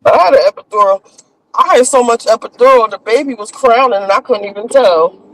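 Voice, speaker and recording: A woman's voice: fairly high pitch, expressive, brisk, fairly bright tone, poor audio. A woman in casual chat, talking bluntly and with swearing about giving birth. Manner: blunt, profane, laid-back talk. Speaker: mother in a friends' chat.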